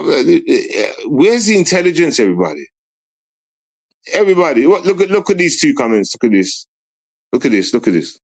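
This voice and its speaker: A young man ranting on a casual livestream, mocking and repetitive as he talks to his chat. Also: mid-range voice.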